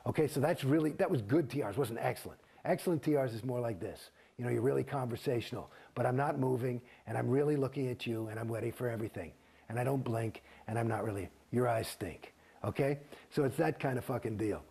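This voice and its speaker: A middle-aged man, an actor, telling his own story in an interview, profane and animated, acting out the exchanges he describes. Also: medium pitch, fairly quick, creaky, breathy edge. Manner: profane, animated, gets heated and acts out quoted exchanges.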